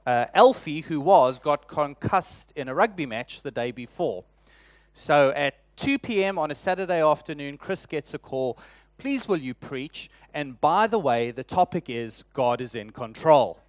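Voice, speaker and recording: A man's voice: a little high, lively intonation, a little slow, dry recording. South African man preaching with humor. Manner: friendly, humorous storytelling with frequent restarts. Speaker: church elder and preacher. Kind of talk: sermon.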